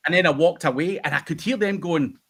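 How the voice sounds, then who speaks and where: A man's voice: fairly high pitch, a little fast, fairly bright tone. Scottish male host, laughing storyteller who swears a lot, chatty livestream delivery. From United Kingdom. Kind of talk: casual livestream chat.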